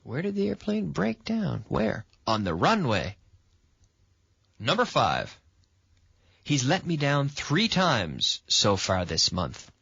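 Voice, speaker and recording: Gravelly male radio English teacher. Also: medium pitch, huge pitch swings, takes it slowly, fairly bright tone, no echo. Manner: patient, stresses words with rising intonation. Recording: dull, lo-fi sound.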